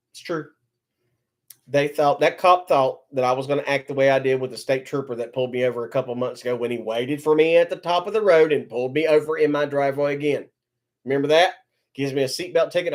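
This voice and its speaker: Furious man ranting on a live stream. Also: mid-range voice. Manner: heated, profane, repeats himself. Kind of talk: angry live-stream rant.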